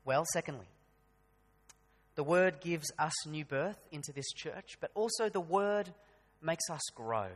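A man's voice: a little high, animated, measured pace, big-room sound. A man preaching a sermon, talking conversationally and building to emphatic bursts. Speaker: pastor. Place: church hall.

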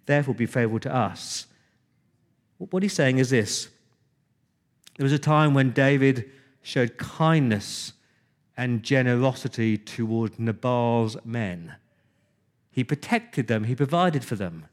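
A man's voice: medium pitch, expressive, takes it slowly. A man preaching a sermon, retelling scripture conversationally with emphatic repetition.

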